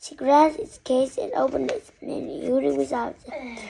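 A woman's voice: high voice, steady tone, moderate pace, creaky, warm tone, poor audio. A woman reading a children's story aloud, narrating expressively.

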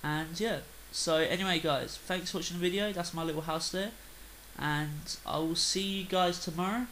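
Young Australian male gamer, rambling and loose, slightly raised pitch, prone to loud excited yelps. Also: normal speed, slight background noise, rough recording. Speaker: gaming video host. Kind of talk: casual game commentary.

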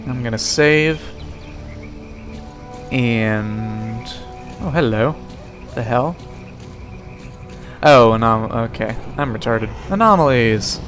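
A man's voice: medium pitch, takes it slowly, pauses often, fairly bright tone. Young man, game commentary, rambling, jokey, talks to characters, faint music behind. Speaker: let's play host. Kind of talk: casual gameplay commentary.

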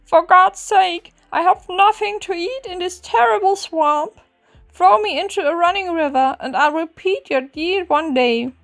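A woman's voice: very high-pitched, unhurried, creaky, fairly bright tone, faint music behind, pitched above the performer's own voice, full character voice. A woman voicing a hungry talking fish that moans and pleads in a storybook reading. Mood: pleading. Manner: pleading, plaintive.

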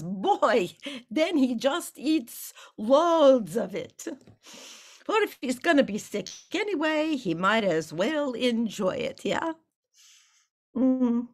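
An actress playing an aging wife who visits her sick husband in hospital, chattering nervously and laughing often. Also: medium pitch. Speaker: actor in a play reading. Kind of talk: staged play reading.

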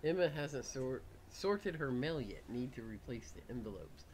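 A man giving let's play commentary on a horror game, jumpy and profane, with nervous laughs and loud startled outbursts. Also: medium pitch, expressive, normal speed, hardly any pauses, husky. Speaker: gaming YouTuber.

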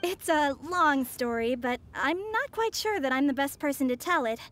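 A woman's voice: high-pitched, expressive, normal speed, fairly bright tone, a little hiss or hum. A courteous young witch. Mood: measured. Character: polite, formal young witch woman.

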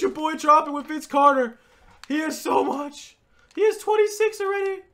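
A man giving live gameplay commentary as a gaming creator, excitable, swinging between low muttering and loud shouts and repeating catchphrases. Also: normal speed. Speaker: gaming YouTuber.

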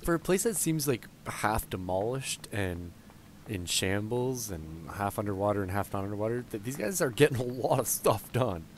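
Man, let's play commentary, slightly low voice, thinks aloud, talks to the characters, headset mic, clear background noise. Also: lively intonation, normal speed. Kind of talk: casual gameplay commentary. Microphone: gaming headset.

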